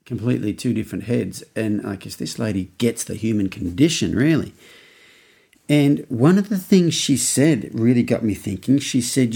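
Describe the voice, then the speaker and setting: A man's voice: mid-range voice, normal speed, vocal fry, warm tone, breathy edge. An Australian man in his fifties, hosting a podcast and telling a rambling story in a casual way. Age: 50s. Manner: rambling, with many restarts and acted-out quotes. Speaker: podcast host.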